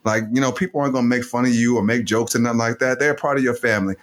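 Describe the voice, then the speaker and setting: A man's voice: mid-range voice, very fast, a bit bright. A middle-aged man co-hosting a podcast, laid-back and teasing, addressing listeners as "y'all". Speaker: podcast co-host, father. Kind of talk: casual podcast chat.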